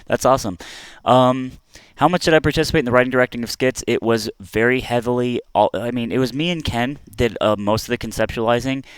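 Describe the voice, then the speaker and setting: A man's voice: medium pitch, quick pace, few pauses, clear, resonant tone, dry recording. A young man co-hosting a casual podcast, reading out chat questions, swearing and laughing often. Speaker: podcast co-host.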